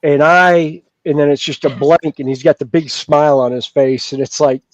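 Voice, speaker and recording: A man's voice: fairly high pitch, normal speed, a little mellow, no room sound. A man in his fifties with a Southern US accent, chatting casually on a hobby show, rambling and self-mocking as he trails off into fillers. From Southern United States. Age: 50s. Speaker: regular on a hobby chat show. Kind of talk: casual chat. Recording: dull, dry sound.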